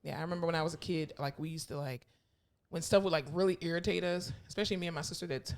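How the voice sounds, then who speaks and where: Lively, candid woman podcast co-host. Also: lowish voice, very fast. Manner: animated storyteller, acts out quotes loudly; candid, laughs often. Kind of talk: casual chat.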